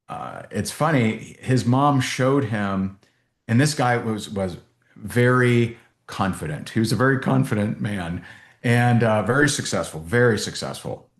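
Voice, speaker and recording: A man coaching a team on a video call, telling stories with lively restarts and repeats. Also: lowish voice, echoey room. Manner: animated storytelling with many restarts. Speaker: business coach.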